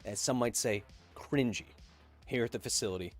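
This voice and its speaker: A man's voice: mid-range voice, normal speed, faint music behind. A man hosting a casual livestream, reading out viewer donations and answering them with playful, self-mocking jokes.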